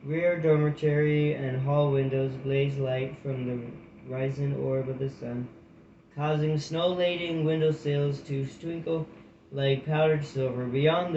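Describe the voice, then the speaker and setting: A man's voice: a little high, darkish tone, roomy sound, muffled recording, slight background noise. A man reading a children's fantasy book aloud, correcting small slips as he goes. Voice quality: reads with restarts and slips. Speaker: audiobook reader. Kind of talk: storybook narration.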